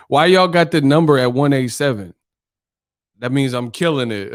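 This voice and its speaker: A man's voice: mid-range voice, normal speed. A man hosting a boxing livestream, chatting casually with his chat, joking and swearing, laughing often and mimicking voices. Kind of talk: casual livestream chat reading viewer comments.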